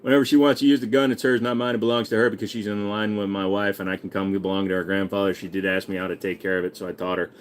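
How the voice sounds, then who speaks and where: A man's voice: lowish voice, little pitch movement, racing, few pauses, a little hiss or hum. A man in his forties hosting a casual livestream, crudely joking and reading viewer messages aloud. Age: 40s. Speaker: livestream host.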